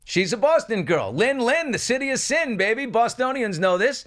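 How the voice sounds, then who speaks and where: A man's voice: very high voice, very animated, moderate pace, fairly bright tone. A man co-hosting a talk show, chatting casually in a playful, gossipy way.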